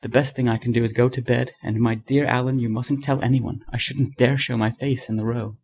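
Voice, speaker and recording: A man reading aloud, voicing a hapless young gentleman who sounds sulky and fretful, with a husky, slightly gravelly tone. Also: medium pitch, fairly even intonation, brisk. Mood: dismayed sulky.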